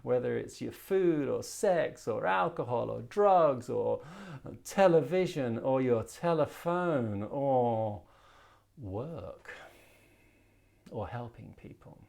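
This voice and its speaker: A man's voice: medium pitch, lively intonation, takes it slowly, vocal fry, darkish tone. A man voicing a male devil who bluntly taunts and challenges the listener, in a raised voice. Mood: taunting. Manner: blunt, scolding.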